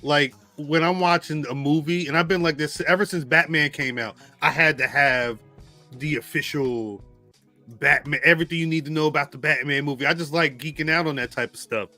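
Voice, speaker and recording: A man co-hosting a podcast in casual chat, laughing often and geeking out in an animated way. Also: fairly high pitch, a little fast, faint music behind. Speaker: podcast co-host.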